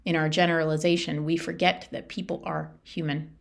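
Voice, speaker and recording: A woman's voice: deep voice, flat delivery, a little fast, creaky. A middle-aged woman life coach hosting a solo podcast, talking in an earnest, heartfelt way with lots of repetition. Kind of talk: reflective solo podcast talk.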